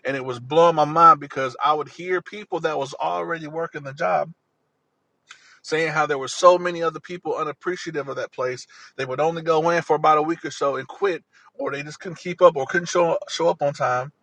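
Husky, bright-voiced man telling his story. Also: a little high, fairly even intonation, fairly quick, dry recording, poor audio. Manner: earnest, rambling, repeats himself. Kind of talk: personal storytelling.

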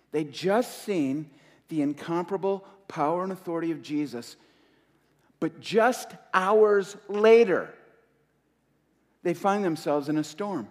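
Impassioned pastor in a reverberant hall. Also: male voice, fairly high pitch, a little mellow. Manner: impassioned, rising and falling with pauses, repeating key phrases. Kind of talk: sermon.

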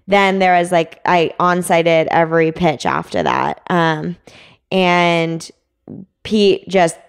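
A woman's voice: on the low side, slow pace, clean tone. A young woman telling a climbing story in a casual interview, chatty with many fillers. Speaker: climbing guest.

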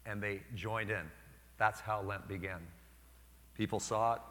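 Bright-voiced priest preaching in a reverberant church. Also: male voice, lowish voice, a little slow. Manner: storytelling, animated when quoting others. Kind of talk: sermon.

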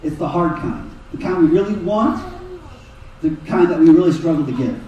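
High-voiced preacher in an echoey hall. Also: male voice, moderate pace, dull audio, very noisy. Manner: animated preaching, voices Jesus and Peter in quotes. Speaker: pastor. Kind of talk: sermon. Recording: echoey hall, mic far off.

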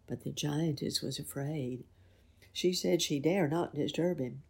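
A woman reading a children's story aloud in an expressive, unhurried way. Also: low-pitched, vocal fry, husky.

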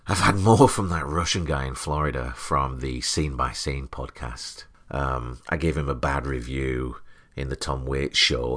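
A man's voice: extremely low pitch, fairly bright tone. A man hosting a podcast, reviewing other podcasts in a dry, matter-of-fact comedic monologue.

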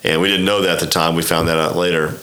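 Man, 50s, from Oklahoma. Very low, bright-toned voice; rambling raconteur who acts out dialogue. Echoey room. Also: fairly even intonation, quick pace, a little hiss or hum. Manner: rambling, acts out quoted dialogue, frequent restarts. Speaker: golf club director, podcast guest. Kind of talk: casual storytelling interview.

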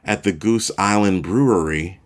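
A man in his forties hosting a podcast, telling a story in a relaxed, self-deprecating way. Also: lowish voice, normal speed. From Chicago, USA. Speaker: podcast host. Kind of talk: casual storytelling monologue.

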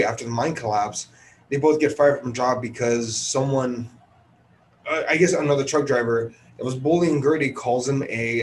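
A man talks through a movie review on his podcast in a loose, chatty way, full of ums and false starts. He sounds tired, as if it is early in the morning. A faint noise sits under his voice. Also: medium pitch. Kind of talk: casual solo movie review. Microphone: headphone podcast recording.

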